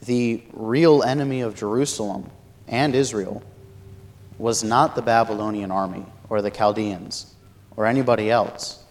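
Lower-voiced man teaching scripture. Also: normal speed. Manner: thoughtful, many fillers and restarts, explanatory. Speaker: Bible teacher. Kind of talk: Bible study lecture.

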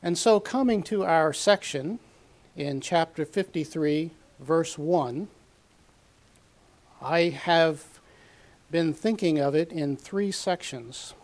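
A man teaching a sermon from a Bible passage, measured and methodical, reading scripture aloud with emphasis. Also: on the high side. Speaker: preacher.

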